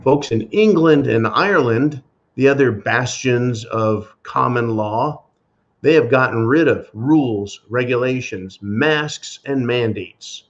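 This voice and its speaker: A man hosting a solo podcast rant in a sarcastic, profane manner. His voice sits at a middling pitch. The recording sounds dull and lo-fi. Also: slow pace. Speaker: podcast host.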